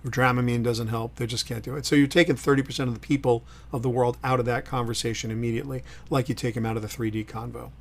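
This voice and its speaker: Middle-aged guy hosting his own stream, opinionated and punchy, gets loud then drops quiet. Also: medium pitch, steady tone, fast, creaky, hardly any pauses. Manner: emphatic, opinionated, swings between loud punches and quiet asides. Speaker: host. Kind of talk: solo livestream commentary.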